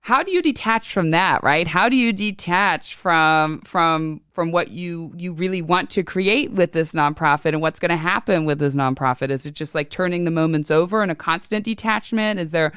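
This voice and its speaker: A woman's voice: on the low side, normal speed, few pauses, a bit bright, clear, resonant tone, dry recording, studio quality. A woman hosting a podcast, chatting openly and asking reflective questions. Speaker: podcast host. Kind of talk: casual interview conversation.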